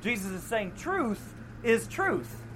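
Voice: medium pitch, sing-song, takes it slowly, fairly bright tone, a little hiss or hum, low-quality recording. A pastor giving an evening sermon in a casual, conversational way, acting out the voices of the people in the story. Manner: conversational, acts out quoted voices with laughs.

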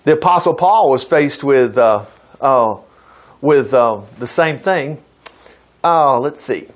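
A man's voice: medium pitch, animated, slow pace. An older man teaching from the Bible in a conversational way, reading verses aloud and breaking into emphatic bursts. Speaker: preacher.

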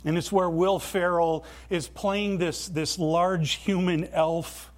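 A man preaching a sermon in a church, earnest and emphatic, with deliberate pauses. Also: sits high, flat delivery. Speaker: pastor.

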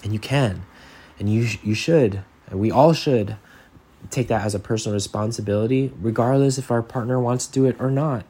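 In a brisk, mellow voice of medium pitch with some breathiness, a man hosts a podcast. He delivers an earnest, casual monologue that rambles, with many restarts and filler words like "like."

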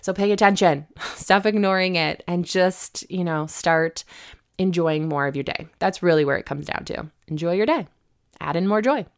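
A woman's voice: on the low side, normal speed. A woman hosting a podcast in a casual, encouraging monologue, chatty and addressing her listeners directly. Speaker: podcast host.

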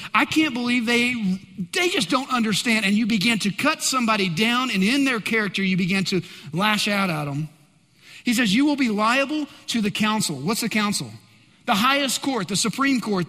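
A male pastor preaching a sermon, swinging between loud emphatic bursts and hushed asides. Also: high-pitched, animated, normal speed, in a large hall.

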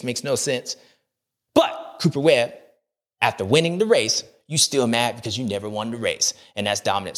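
A man's voice: medium pitch, fairly bright tone. Rambling, slangy man doing a comedy recap. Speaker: host of a comedy racing recap.

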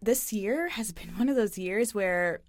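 A woman's voice: mid-range voice, lively intonation, a little slow, dry recording, clean studio sound. A young woman co-hosting a podcast, openly telling a personal story in casual chat, full of "like" and quoted self-talk. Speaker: podcast co-host.

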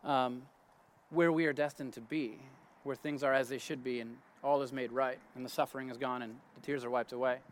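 A man's voice: mid-range voice, steady tone, brisk. A man giving a casual spoken Bible teaching outdoors in his garden. He talks conversationally, restarts his sentences and checks in with "right?".

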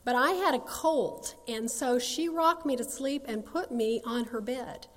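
A woman's voice: on the high side, a little slow, long reverb tail. A woman, sharing her personal testimony in a folksy, earnest storytelling manner. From North Carolina, USA. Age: 60s.

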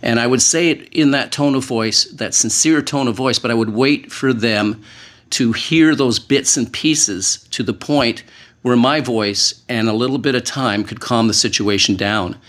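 Earnest man, slow emphatic speech. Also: mid-range voice, fairly bright tone. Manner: earnest, measured, slows to stress key words. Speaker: panel guest, former hostage negotiator. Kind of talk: panel discussion.

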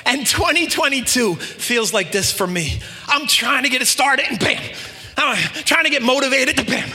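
A man preaching to a congregation, joking and animated, telling stories in a relaxed way. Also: extremely high pitch, normal speed, in a large hall. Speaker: pastor. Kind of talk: sermon.

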